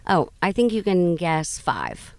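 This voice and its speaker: A middle-aged woman co-hosts a radio show in a casual, teasing way. Her voice sits a little low but moves lively through its range. The sound is close and dry, with no room around it. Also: no echo. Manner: playful, quick to laugh, animated. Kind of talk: casual banter. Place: mobile studio in a vehicle.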